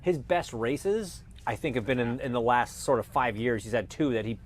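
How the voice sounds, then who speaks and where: A man in his thirties talks as a former driver and analyst, spinning lively stories and acting out little quotes. His voice sits at an ordinary middle pitch. Faint background noise runs under it. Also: moderate pace. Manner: animated storyteller who acts out quotes. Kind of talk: casual interview chat.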